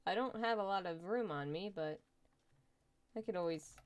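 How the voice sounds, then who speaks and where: Young woman streaming a game, smooth clear voice, chatty, laughs a lot. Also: lowish voice, normal speed. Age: young adult. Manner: chatty, laughs often, thinks aloud while playing. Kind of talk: casual live gaming stream chat.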